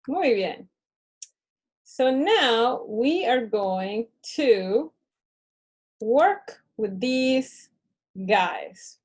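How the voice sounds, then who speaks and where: Slow, careful woman teaching Spanish. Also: a little high, animated. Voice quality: switches between English and Spanish. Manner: slow, clear modeling of words for repetition. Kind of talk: classroom lesson.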